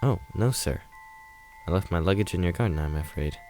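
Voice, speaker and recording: A man's voice: sits low, brisk, faint music behind, lightly acted. A man voicing a sweet, timid young woman. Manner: polite, soft, hesitant, slightly raised voice. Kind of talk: reading a visual novel aloud.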